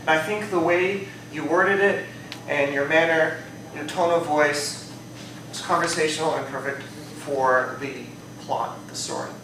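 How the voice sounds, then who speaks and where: A man's voice: on the high side, background noise. A man giving a spoken speech evaluation to a club audience, conversational and hedging often, heard from a distant mic in a very echoey room. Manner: conversational, hedges often with "I think" and "you know".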